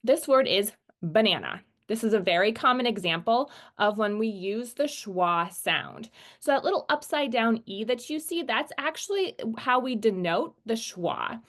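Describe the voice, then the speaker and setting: A woman's voice: on the high side, expressive, fairly bright tone. Patient woman teaching a phonics lesson. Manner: patient, explains slowly and models sounds.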